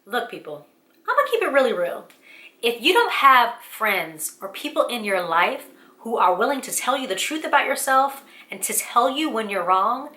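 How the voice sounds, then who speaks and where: Brief: earnest woman vlog host, higher voice, roomy echo. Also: pushed and bright. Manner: earnest, upbeat, uses Southern-US slang like y'all. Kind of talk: casual faith-based encouragement talk. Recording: echoey room.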